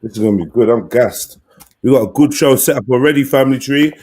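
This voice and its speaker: A man hosting a live online panel, bantering excitedly in slang over a video call. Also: medium pitch, fast. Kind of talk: casual group chat.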